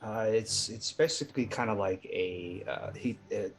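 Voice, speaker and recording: A man playing a tabletop game, describing his character's spell in a halting, hesitant way. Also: lowish voice. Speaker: player. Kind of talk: casual tabletop game play.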